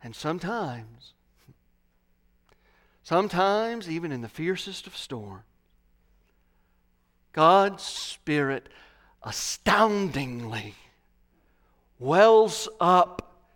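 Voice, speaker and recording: A man preaching a sermon, slow and dramatic, swelling loud and then dropping to a hush. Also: a little high, very animated.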